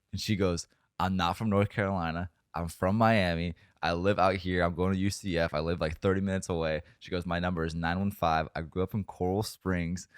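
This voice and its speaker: A young man with a very low voice tells a story on a podcast, wandering through fillers and swearing as he goes. The sound is dry and close, with no room around it. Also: no room sound. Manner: rambling, profane storytelling with many fillers. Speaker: podcast co-host. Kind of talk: casual storytelling chat.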